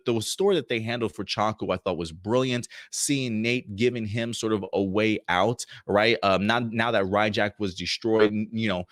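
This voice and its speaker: A man's voice: lowish voice, no echo, studio quality. A man hosting a show where he reviews TV episodes, talking casually with enthusiasm and rambling through many restarts.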